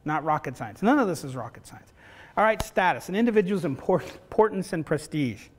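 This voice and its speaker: A middle-aged man lectures a roomful of facilitators. His voice sits high for a man, and he keeps checking in with "right?" while acting out little family scenes. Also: very animated, a little fast, breathy edge. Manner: conversational, keeps asking "right?", acts out family dialogue. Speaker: university professor teaching facilitators. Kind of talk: lecture with personal stories.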